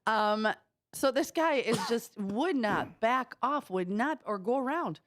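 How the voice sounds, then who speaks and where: A woman's voice: on the high side, lively intonation, takes it slowly, no room sound, studio quality. A woman with a Midwestern American accent co-hosting a morning radio show, chatting animatedly and telling stories with laughs. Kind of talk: casual morning radio chat. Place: radio studio.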